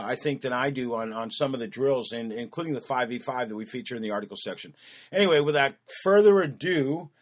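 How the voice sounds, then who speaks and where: A man's voice: medium pitch, fairly bright tone. A man hosting a lacrosse coaching podcast, introducing a guest in a rambling way with many fillers and restarts.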